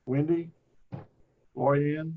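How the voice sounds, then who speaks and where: A man with a Texas accent moderating a casual online meeting, easygoing and quick to laugh. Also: on the high side, fairly even intonation, slight background noise. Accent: Texan. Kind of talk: casual video call chat. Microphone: video call. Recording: muffled lo-fi video call audio.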